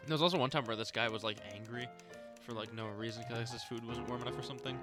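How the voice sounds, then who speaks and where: A man's voice: mid-range voice, steady tone, fast talker, over music. A young man chatting casually while gaming, rambling with lots of fillers and swearing. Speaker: podcast co-host.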